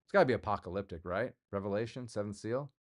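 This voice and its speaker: Man, lowish pitch, casual livestream chat, rambling, jokey, talking to viewers. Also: fast talker. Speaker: livestream host.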